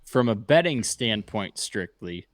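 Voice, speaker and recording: Measured, easygoing sports-betting co-host. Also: male voice, fairly low pitch, very animated, no echo, studio quality. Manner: measured, reasonable, explains bets. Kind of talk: casual sports betting chat.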